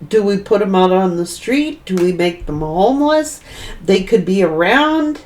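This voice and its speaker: A woman reads tarot in a slow, meandering monologue. She circles back over her own points while thinking aloud. Her voice sits a little distant from the microphone. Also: mid-range voice, expressive, a little mellow, slight background noise. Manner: rambling and repetitive, thinking aloud. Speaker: tarot reader.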